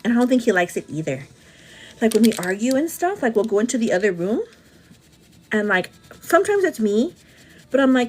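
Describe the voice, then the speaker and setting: A woman's voice: a little high, big pitch swings. Chatty woman calling everyone girl. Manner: chatty, says "girl" often, quick asides. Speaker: vlogger answering live chat. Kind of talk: casual chat while doing makeup.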